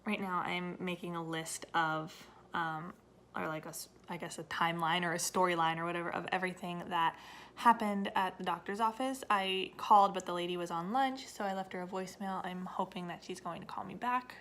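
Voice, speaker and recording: A woman's voice: fairly low pitch, fairly even intonation, a little fast, fairly bright tone. A young woman chatting casually at home in her family vlog, rambling with fillers and little laughs. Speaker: vlogger mom.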